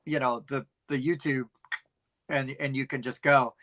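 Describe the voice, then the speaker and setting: Bright, lively middle-aged man chatting. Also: medium pitch, unhurried, low-quality recording. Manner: rambling animated storytelling with many fillers. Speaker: podcast co-host. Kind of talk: casual chat.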